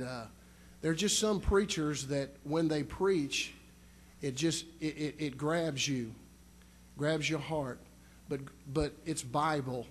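A minister introducing the guest preacher, halting and full of fillers but heartfelt. His voice sits somewhat high. Faint noise hums behind him. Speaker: youth conference minister introducing the speaker. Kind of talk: sermon introduction.

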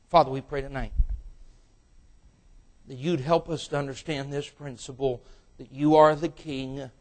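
A man preaching a sermon to young people, telling a story and acting out its characters in sudden loud bursts, then dropping low and quiet. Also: steady tone, unhurried, long pauses.

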